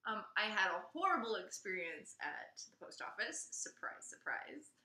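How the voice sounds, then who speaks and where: Animated bright-voiced woman podcaster. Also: medium pitch, normal speed, echoey room. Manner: animated, ranting storyteller who laughs often. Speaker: podcast co-host. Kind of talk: casual chat.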